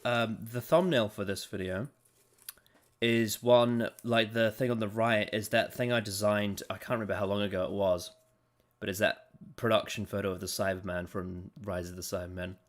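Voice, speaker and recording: A man hosts a relaxed podcast conversation in a slightly low voice. He laughs easily and stumbles through false starts, circling back before he finishes a thought. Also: normal speed. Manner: laughs often, trips over words. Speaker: podcast host. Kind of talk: casual podcast chat.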